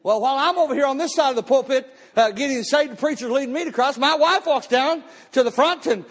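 A pastor with a very high voice tells his testimony from the pulpit, animated and bursting into shouts now and then. His voice rings on in the long reverb of a church hall. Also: fast. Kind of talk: testimony sermon. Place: church sanctuary, live service.

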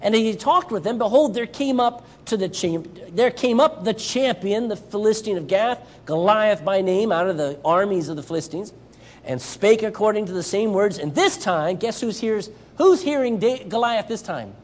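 A Southern US man preaches a missionary sermon, animatedly acting out Bible characters as he goes. His voice is high-pitched and moderately paced.

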